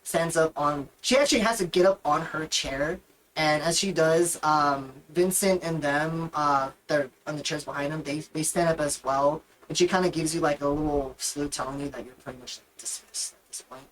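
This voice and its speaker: A woman's voice: sits low, normal speed, rough recording. A woman narrating a tabletop game as game master in a casual, rambling way. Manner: casual, rambling, with many fillers.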